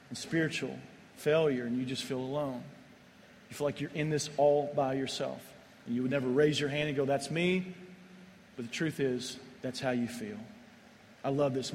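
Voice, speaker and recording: A man's voice: mid-range voice, a little hiss or hum. Earnest male pastor in a reverberant hall. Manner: earnest, repetitive, stumbles on restarts. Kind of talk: sermon. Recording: long reverb of a large hall, faint ambience.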